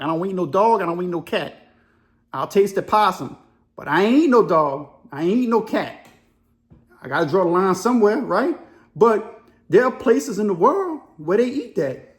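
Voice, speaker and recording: A middle-aged man with a New Orleans accent, reacting to a news story in casual, slangy talk. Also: sits high. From Louisiana, New Orleans area. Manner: casual storytelling, drawling slang, quick laughs. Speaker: commentary video host. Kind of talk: reaction commentary.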